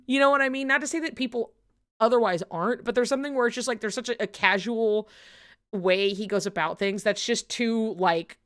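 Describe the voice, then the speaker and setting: A woman streamer chatting casually during a watch-along, rambling with lots of fillers, swearing and frequent laughter. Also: on the high side.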